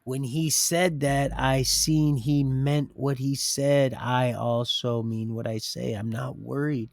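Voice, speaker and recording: Gravelly man rambling on a livestream. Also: medium pitch, steady tone, slow, no room sound. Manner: preachy, emotional, swings between hushed and loud.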